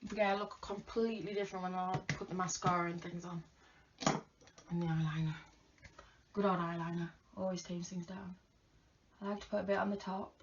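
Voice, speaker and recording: A woman chatting casually to viewers during a makeup tutorial, often dropping to soft murmurs. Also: lowish voice, steady tone, brisk, pauses often. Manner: chatty, talks to viewers while applying makeup, drops to murmurs. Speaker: makeup vlogger. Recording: distant lo-fi home recording with faint hiss.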